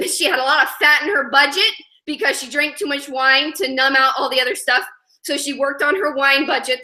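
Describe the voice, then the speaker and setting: A woman giving a live motivational talk to an audience, energetic and chatty, often asking "you know what I mean?". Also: high voice. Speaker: motivational speaker.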